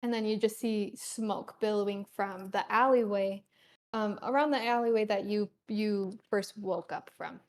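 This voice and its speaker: A woman narrating a tabletop game as game master, describing scenes in a halting way with many pauses. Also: mid-range voice, fairly even intonation, a little mellow.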